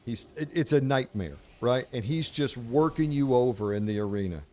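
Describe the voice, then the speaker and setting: A man's voice: medium pitch, expressive, normal speed, a little mellow. A man hosting a casual game commentary video, brash and profane, slipping into mock-preachy pronouncements. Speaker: host.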